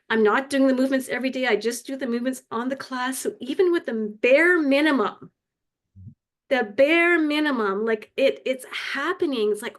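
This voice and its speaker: Older woman, heartfelt rambling share over a video call, slightly high voice. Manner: rambling, heartfelt, tearful at times. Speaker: community member sharing. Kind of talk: emotional personal sharing on a video call.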